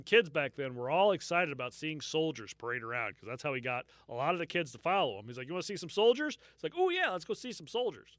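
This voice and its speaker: Male podcast co-host, casual storyteller, slightly high, dry close sound. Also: pushed and bright, no echo. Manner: storytelling, swears freely, laughs often. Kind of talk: casual true-crime podcast chat.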